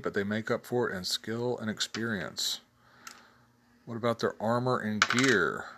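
A man's voice: fairly low pitch, a little slow, pushed and bright, a little hiss or hum. A man casually hosting a solo talk show, reading tabletop game tables aloud, chatty and laughing at his own jokes. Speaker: host reviewing tabletop game blogs.

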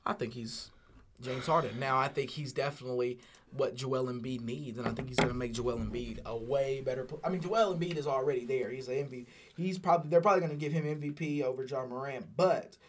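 A young man co-hosting a casual sports podcast, whiny and exasperated, now and then bursting into loud outcries. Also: mid-range voice, fairly even intonation, quick pace. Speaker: podcast co-host, Lakers fan.

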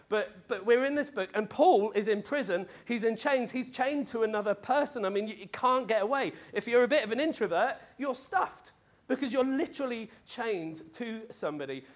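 A man delivers a Sunday sermon in a relaxed, chatty way. His voice sits high for a man, and he jokes and uses plenty of fillers as he goes. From Wales lived in, not grown up. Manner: jokey, conversational, lots of fillers and laughs. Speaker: preacher. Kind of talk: lively sermon.

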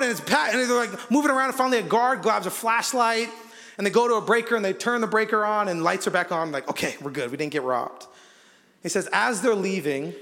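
A man giving a sermon in a church, telling a story in animated fashion, acting out the quotes with frequent fillers. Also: high voice. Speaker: guest preacher. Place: church auditorium. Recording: long hall reverb.

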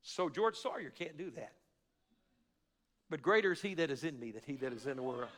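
Male pastor, bright forceful voice, preaching in a reverberant church hall, shouts then hushed prayer. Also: on the high side, big pitch swings, brisk. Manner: impassioned preaching, swings from shouting to quiet confiding prayer. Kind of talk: sermon.

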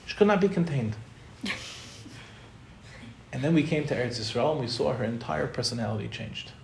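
A man's voice: medium pitch, animated, fairly quick, vocal fry, a little hiss or hum. A man giving a spiritual talk to an audience, conversational and storytelling, acting out the people he quotes. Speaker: Torah teacher. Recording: roomy echo, faint ambience.

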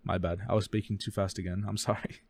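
Casting: deep-ish male podcast co-host, dry close sound, quick reading with stumbles and self-corrections. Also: level tone, no echo. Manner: reads case notes fast, stumbles and corrects himself. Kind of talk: casual true-crime podcast reading.

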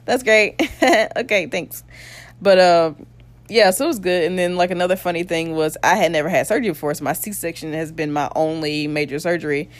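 A woman's voice: sits low, fairly even intonation, fast, no room sound. A young adult woman casually telling her birth story, candid and blunt, with crude humor and frequent laughs.

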